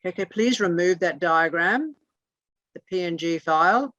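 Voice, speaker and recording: A teacher runs an online lesson over a video call, pausing to spell out each term letter by letter. The talk is blunt and sometimes profane. The sound is lo-fi and muffled, with a close, dry, roomless quality. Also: medium pitch, animated, a bit bright, dry recording.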